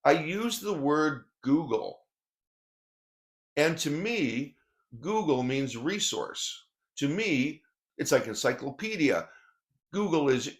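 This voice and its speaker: A man giving a seminar talk on workplace conflict, telling stories with animated, shifting delivery. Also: fairly high pitch. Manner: animated storytelling, pace shifting often.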